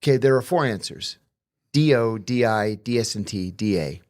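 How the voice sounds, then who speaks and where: A man, a former intelligence officer appearing as a guest, telling anecdotes in a measured, explanatory way. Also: on the low side, expressive, darkish tone. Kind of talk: conversational interview anecdotes.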